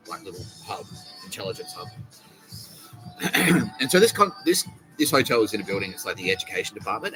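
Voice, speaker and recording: Australian male podcaster, lowish voice, cursing comic rambler over background music. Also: rough recording. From South Australia. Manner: profane, rambling, laughing asides. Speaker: podcast host.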